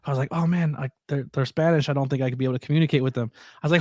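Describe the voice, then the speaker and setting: A man's voice: fairly high pitch, steady tone, rapid-fire, background noise. Chatty man telling a story. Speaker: wrestling commentator. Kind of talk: casual livestream chat.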